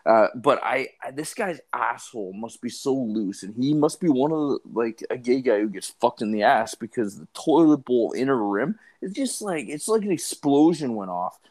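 A man's voice: mid-range voice, animated, moderate pace, hardly any pauses, a little mellow. A young man co-hosting a podcast, rambling through crude stories and questions with lots of swearing. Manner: rambling, profane, joking. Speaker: podcast co-host. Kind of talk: crude casual chat.

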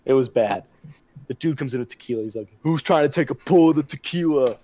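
A man's voice: medium pitch, fast talker, warm tone. A young man co-hosting a podcast, telling a rambling party story in casual chat and swearing a lot. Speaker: podcast co-host. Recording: muffled dry recording.

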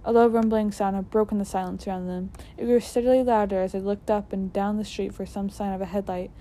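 Woman reading a storybook aloud; mellow, self-correcting. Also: mid-range voice, little pitch movement, fast talker. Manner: trips on words and corrects herself.

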